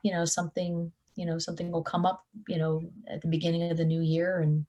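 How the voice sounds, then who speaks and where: A woman's voice: on the low side, quick pace, dull audio. A young adult woman, a touring guitarist, chatting in an interview and acting out the people in her stories. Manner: animated storyteller, acts out quotes. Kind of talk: casual interview chat.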